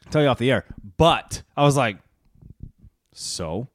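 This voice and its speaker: A man's voice: mid-range voice, animated, unhurried. A man, co-hosting a casual podcast, joking and teasing with frequent laughs. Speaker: podcast co-host. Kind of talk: casual chat.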